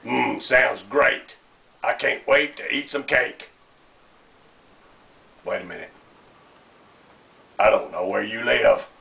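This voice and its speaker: A man's voice: lowish voice, lively intonation, takes it slowly, creaky, pauses often, sharp tone, full character voice. A man voicing a friendly, hungry male bear puppet who talks about cake. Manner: friendly, chatty about food.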